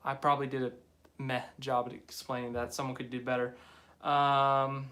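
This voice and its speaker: A man's voice: medium pitch, level tone, normal speed, bright, forceful tone. A young man hosting a live stream, chatting casually and rambling as he reads viewer comments aloud. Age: young adult.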